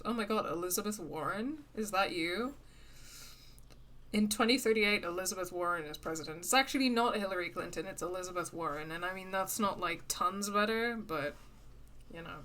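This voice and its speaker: A woman's voice: on the low side, moderate pace, bright, forceful tone. Chatty woman streaming a game. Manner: chatty, laughs often, mutters at the game. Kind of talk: casual live game-streaming chat. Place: lives in the UK.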